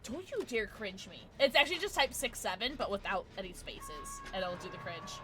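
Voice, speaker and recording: A tipsy woman livestreaming a game, chatting casually with her viewers, giggling and breaking into loud squeals and shouts. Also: mid-range voice, very animated, a little fast, over loud music. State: tipsy from drinking. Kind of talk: casual livestream chat while gaming.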